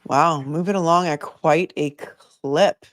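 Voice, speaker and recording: A woman's voice: sits low, slow, slight background noise. A woman hosting a live stream about a trial, chatting casually and thanking her viewers by name. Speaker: live-stream legal commentator.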